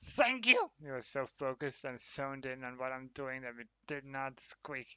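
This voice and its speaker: Slow, bright-voiced man streaming a game. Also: medium pitch, smooth. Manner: chatty, talks to viewers, laughs often. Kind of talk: casual livestream commentary while gaming.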